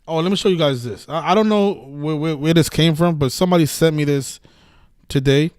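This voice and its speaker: A man's voice: a little high, a little fast, a little mellow, no room sound. A man hosting a casual live-stream about sports betting, talking in a heated, profane, rambling way with many restarts. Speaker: sports betting video host.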